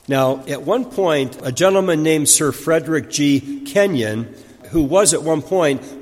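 A man's voice: medium pitch, in a large hall. A man preaching a teaching sermon, putting questions to the congregation and then answering them himself. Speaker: pastor.

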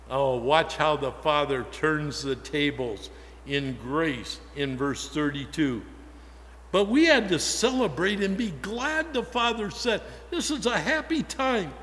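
A man preaches slowly and deliberately, stopping to ask the congregation questions as he goes. His voice sits a little higher than most men's. A long church reverb trails after every phrase. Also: a bit bright. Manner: conversational, asks the congregation questions. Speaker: pastor. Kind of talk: sermon.

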